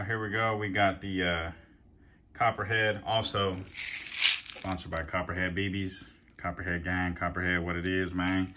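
A man's voice: low-pitched, noisy background. A man hosting a casual vlog, slangy and hyped, swearing freely. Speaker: channel host.

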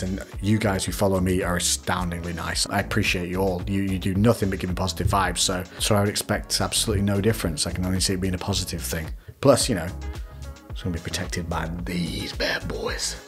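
A young man, a fitness vlogger, answering viewer questions at home in an upbeat, chatty way. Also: sits low. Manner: upbeat and chatty, laughs easily. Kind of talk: casual Q&A chat. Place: home, indoors.

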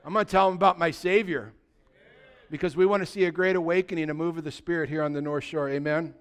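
A man preaching a sermon in a high, clear, resonant voice. He talks to his congregation in a conversational way, asking questions and calling for responses. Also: steady tone, quick pace. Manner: exhorting, conversational, calls out to congregation. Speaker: pastor.

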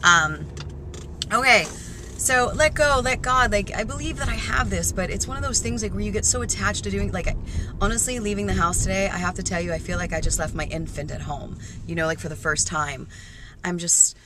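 A woman talking to a handheld camera while driving her car, chatty and excitable, rambling with sudden jumps in loudness. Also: fairly low pitch, a little fast. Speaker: vlogger. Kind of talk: casual excited car vlog. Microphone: handheld camera facing her in the car. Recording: car noise in the background.

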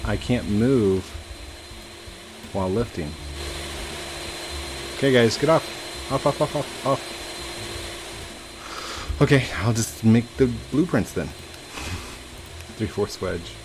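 A man's voice: on the low side, lively intonation, slow, long pauses, background noise. A young man chatting playfully while playing a building game, laughing often and talking to his viewers. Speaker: gaming YouTuber. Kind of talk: casual gameplay commentary.

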